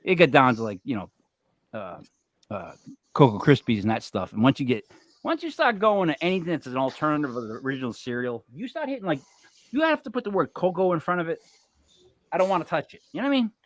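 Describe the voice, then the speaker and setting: A man's voice: on the high side, big pitch swings, fast, no echo. A man hosting a casual show, telling a long joke with lots of fillers and restarts. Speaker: show host. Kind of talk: joking casual chat.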